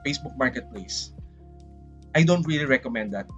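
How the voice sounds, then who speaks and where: This Filipino streamer, speaking English with a Filipino accent, addresses his chat in a rambling, dramatic, casual way. His mid-range voice is animated and a bit bright at normal speed. Faint background music plays under the dull, lo-fi audio.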